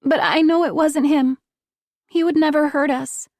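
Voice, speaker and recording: A woman voicing a frightened, injured teenage girl who is crying and speaks in a high, pleading voice. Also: fairly even intonation, unhurried, darkish tone, no echo, studio quality. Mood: tearful, pleading.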